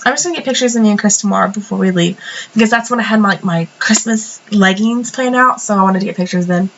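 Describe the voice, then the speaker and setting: A woman's voice: medium pitch, dull audio. A young woman with a cold telling a story in a casual, rambling voice-over, full of fillers and restarts. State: sniffly from a cold. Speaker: planner vlogger.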